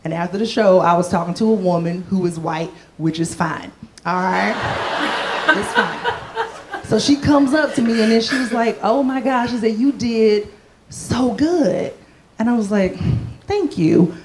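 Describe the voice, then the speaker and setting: A woman's voice: mid-range voice, lively intonation, moderate pace. Playful woman doing stand-up comedy. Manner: playful, self-mocking, acting out quoted voices.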